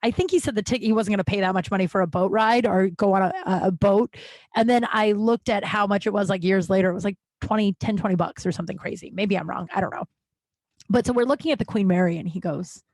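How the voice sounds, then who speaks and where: A woman's voice: medium pitch, fast talker, a little mellow, no echo. A woman in her thirties hosting a podcast, telling candid personal stories in a rambling, self-correcting way and laughing at them. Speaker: podcast host.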